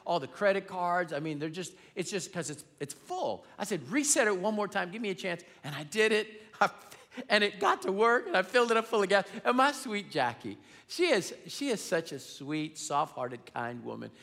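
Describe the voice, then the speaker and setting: A man preaching a sermon as pastor, telling a story with humor in an animated, emphatic way and. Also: high voice, moderate pace, gravelly. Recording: long reverb of a large hall.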